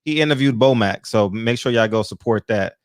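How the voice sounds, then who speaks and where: A man co-hosting a casual barbershop-style talk show, relaxed and laughing often. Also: medium pitch, a little fast, no room sound, clean studio sound. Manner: laid-back, laughs often, says "you know what I mean". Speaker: podcast co-host. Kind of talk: casual chat.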